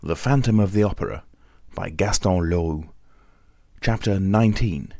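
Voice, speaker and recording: A man narrating a classic novel as an audiobook in a calm, even way. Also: deep voice, moderate pace, no echo.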